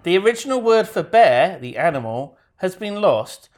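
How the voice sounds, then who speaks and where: Lively low-voiced woman, dry and teasing. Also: normal speed. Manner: dry, teasing, reads articles aloud. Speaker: podcast co-host. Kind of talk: casual chat.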